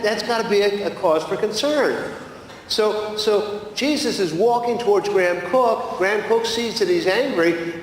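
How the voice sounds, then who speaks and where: A man preaching a sermon in a church, telling a story in an animated, conversational way with restarts. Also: sits high. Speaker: guest preacher. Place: church sanctuary. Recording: echoey church hall, long reverb, faint noise.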